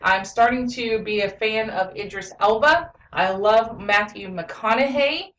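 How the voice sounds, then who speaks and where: A woman's voice: mid-range voice, a little slow, fairly bright tone, slight background noise. Chatty woman, roomy distant sound. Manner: chatty retelling with many "you know" fillers. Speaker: movie reviewer. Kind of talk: casual video review. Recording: roomy echo, mic at a distance.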